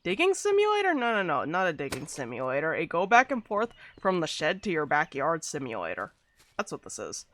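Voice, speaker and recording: Chatty streamer, swooping animated delivery, mid-pitched, laughs a lot, gaming chat at a desk mic. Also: fairly quick. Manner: chatty and rambling, laughs often. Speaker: VTuber streamer.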